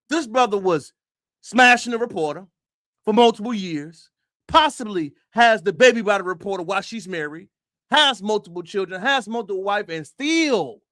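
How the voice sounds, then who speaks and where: Talking straight at his audience, an opinionated livestream host with a high-pitched voice drives his points home through repeated phrases and rhetorical questions. He's emphatic and occasionally shouts, recorded close and dry without any room echo.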